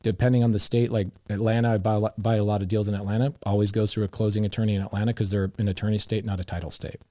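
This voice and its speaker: Low, mellow-voiced man telling stories. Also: rapid-fire, no room sound, clean studio sound. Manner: animated, acts out quoted dialogue. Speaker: real estate investor guest. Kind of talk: casual storytelling.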